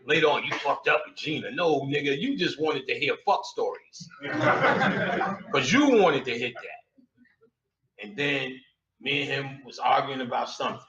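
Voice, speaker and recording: A man telling crude comic stories to a live audience, cursing freely and laughing and shouting at his own punchlines. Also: mid-range voice, sing-song, unhurried, background noise. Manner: heavy profanity and slang. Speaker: comedic storyteller. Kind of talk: live stand-up style storytelling. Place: lecture room with an audience. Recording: echoey room, distant lo-fi mic.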